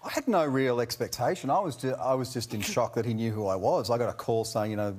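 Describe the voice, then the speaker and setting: A man's voice: mid-range voice, fast talker, hardly any pauses, a little mellow. A man telling a self-deprecating story as a chat show guest. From Australia. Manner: laid-back, self-deprecating, laughing. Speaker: guest, actor.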